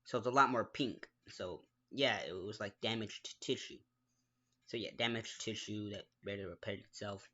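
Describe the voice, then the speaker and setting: A man's voice: lowish voice, moderate pace, bright, forceful tone, highs cut off. A man telling a personal story in a casual, rambling way, restarting sentences, making his own mouth sound effects and often apologizing. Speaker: gaming vlogger.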